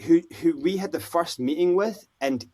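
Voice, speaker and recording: A Scottish man, a podcast guest, telling stories in a casual, animated way and acting out the voices of people he quotes. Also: on the high side, normal speed. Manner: animated, acts out quoted voices, lots of "you know, like". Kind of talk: casual storytelling interview.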